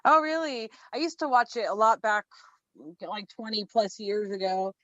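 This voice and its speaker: A woman guest in casual podcast chat, bubbly and excitable, with frequent fillers. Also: mid-range voice, normal speed, no room sound. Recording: dull, dry lo-fi sound.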